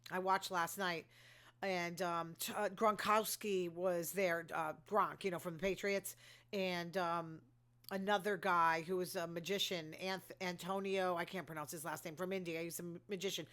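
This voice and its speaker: A woman with a fairly low, fairly bright voice and fairly even intonation hosts her own show at a moderate pace. She gives a casual, opinionated, gossipy recap of reality TV, packed with asides and fillers.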